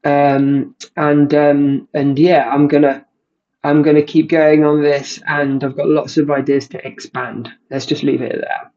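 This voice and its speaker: A man talks through a casual screen-share demo, halting often and restarting his sentences. His voice sits a bit high, and the audio is dull and lo-fi. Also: flat delivery, dark tone. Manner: halting, full of ums and restarts. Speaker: tech creator.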